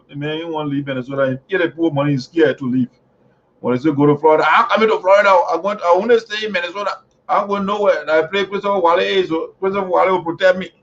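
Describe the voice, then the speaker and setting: Mocking high-voiced man ranting. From Liberia. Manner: mocking, taunting, chanting jeers. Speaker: online show host. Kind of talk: heated political commentary. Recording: dull lo-fi audio.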